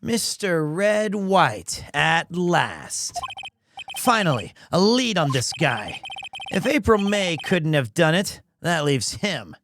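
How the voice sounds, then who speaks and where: Animated playful male streamer. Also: fairly high pitch, takes it slowly, background noise. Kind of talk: live game-stream commentary.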